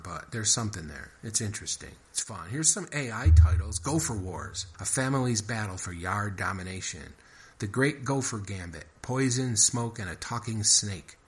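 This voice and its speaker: A man's voice: lowish voice, fairly bright tone. A man hosting his own podcast, reading a short story and then rambling casually, thinking aloud and repeating himself. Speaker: podcast host and writer.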